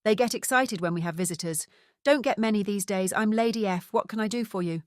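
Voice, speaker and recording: A woman voicing a stern, posh lady in her late sixties, who talks in a crisp, clipped way and barks orders, in an audiobook. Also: medium pitch, brisk, no room sound, clean studio sound, natural voice. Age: 60s.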